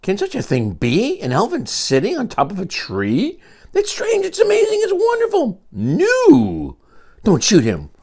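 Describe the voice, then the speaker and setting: A grandfather reading aloud, putting on high, loud, exclaiming voices for a group of amazed male hunters. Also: huge pitch swings, unhurried, heavily acted.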